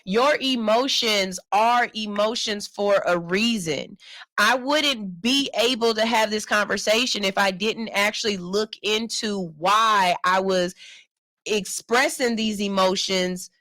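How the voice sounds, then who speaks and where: A middle-aged woman hosts a casual talk radio show, her pitch sitting in a middle range. She speaks candidly about personal matters and reads listener comments aloud. The studio sound is dry and close. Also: slow, pushed and bright, no room sound, poor audio.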